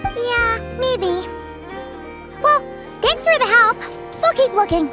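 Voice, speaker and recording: A woman's voice: extremely high pitch, lively intonation, takes it slowly, heavily acted. An actress playing a spirited young woman who runs a craft shop in a video game, talking in a blunt, cheeky way. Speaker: game character. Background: music.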